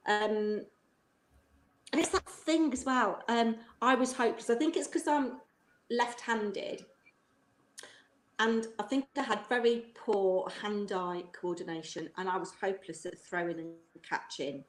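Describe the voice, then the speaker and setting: A woman's voice: mid-range voice, unhurried. A middle-aged woman, a former teacher, chatting at length on a video call and laughing often as she goes. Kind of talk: casual chat on a live stream. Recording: roomy echo.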